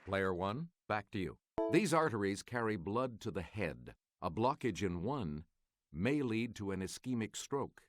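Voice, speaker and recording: A man hosting a game show, reading quiz clues in a measured, formal manner. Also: lowish voice, big pitch swings, crowd noise.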